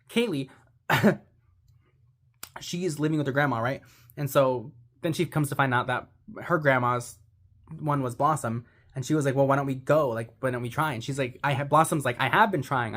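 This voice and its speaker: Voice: mid-range voice, a bit bright. Young person gushing about a movie, says like a million times, super sentimental. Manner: rambling, heavy use of "like". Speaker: movie reviewer. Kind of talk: casual movie recap.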